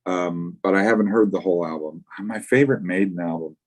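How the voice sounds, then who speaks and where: Low-voiced rambling man co-hosting. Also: a little fast. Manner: rambling, repeats words when starting sentences. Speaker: podcast co-host. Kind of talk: casual live chat.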